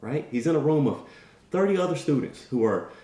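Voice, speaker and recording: A man's voice: fairly high pitch, expressive, a little fast, dark tone. A man giving an emphatic motivational talk. He tells a story and keeps asking his listeners "right?". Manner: emphatic, tag questions, storytelling. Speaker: motivational speaker. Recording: echoey room.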